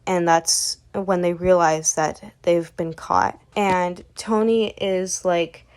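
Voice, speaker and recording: A woman's voice: fairly low pitch, fairly even intonation, slow pace, darkish tone, smooth. A woman casually recapping a webcomic story in a rambling way, relaying each character with "and she's like.". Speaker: webcomic recap channel host.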